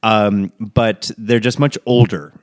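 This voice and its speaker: A man's voice: lowish voice, steady tone, takes it slowly. A man co-hosting a podcast, explaining things in a thoughtful, reassuring way during casual chat.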